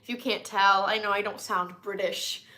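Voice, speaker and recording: Talking at a moderate pace with a steady, sharp, medium-pitched voice, a young woman from the United States rambles through her snack-tasting vlog. She's slightly nasal after being sick and fills her casual chat with likes and ums.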